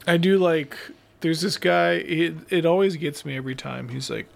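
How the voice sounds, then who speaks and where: Gravelly man in casual chat. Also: a little high, little pitch movement, a little fast. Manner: chatty, laughs often, trails off mid-sentence.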